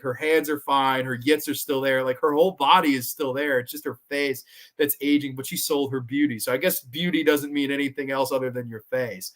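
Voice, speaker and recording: Animated New York man reviewing horror. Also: mid-range voice. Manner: animated, swearing, acts out quoted lines. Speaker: podcast host. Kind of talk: casual review chat.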